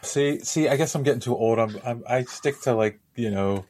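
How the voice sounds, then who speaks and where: A man's voice: mid-range voice, normal speed, a little mellow, no room sound. A man co-hosting a podcast, chatting casually and mostly giving short agreeing replies. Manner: laid-back listener, short agreeing replies. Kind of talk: casual chat.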